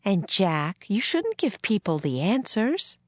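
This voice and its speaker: A woman reading aloud plays a gentle frontier schoolteacher with a proper, encouraging way of speaking. The teacher's voice sits somewhat above the reader's own low voice. It is recorded dry and close. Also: sing-song, slow, no echo. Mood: kindly.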